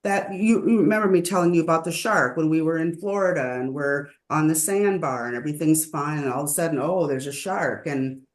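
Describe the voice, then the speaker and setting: A woman in a meditation group who tells a story casually, animated and often laughing, with hesitant restarts. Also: deep voice, a little fast, few pauses. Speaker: sangha member. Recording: roomy echo.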